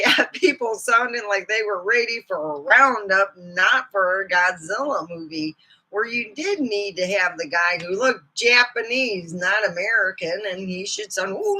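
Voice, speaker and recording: A woman's voice: mid-range voice, pushed and bright, slightly rough, low-quality recording. A woman vlogger in casual chat, rambling and laughing as she talks. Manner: rambling, chatty, laughs often.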